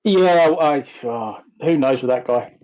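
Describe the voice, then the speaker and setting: A man in a casual online debate, teasing the others in a dry, flat delivery. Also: on the high side, a little slow, muffled recording. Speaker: debate panelist.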